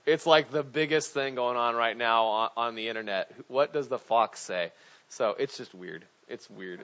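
A man preaching a sermon in a chatty, animated way, with frequent restarts and asides. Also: a little high. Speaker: pastor. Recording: dull lo-fi recording.

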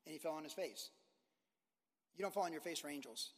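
A man preaching a sermon as a pastor, animated, acting out biblical figures and using casual sports talk. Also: on the high side, quick pace, long reverb tail.

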